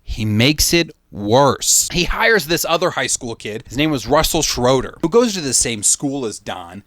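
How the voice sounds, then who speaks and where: A man's voice: mid-range voice, a bit bright, dry recording. A young man telling a true-crime story in a casual, crude, rambling way with joking, self-deprecating asides.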